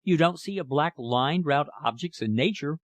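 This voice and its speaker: A man's voice: a little high, animated, normal speed, dry recording, natural voice. A man reading the part of a dashing, argumentative young American in an audiobook. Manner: argumentative, self-assured.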